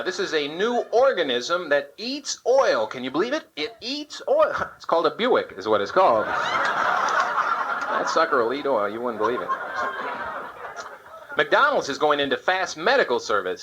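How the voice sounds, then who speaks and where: A man doing a live stand-up set, firing off topical political one-liners and slipping into short sung bits. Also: a little high. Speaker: stand-up comedian. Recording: old live club tape with loud hiss. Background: audience laughter.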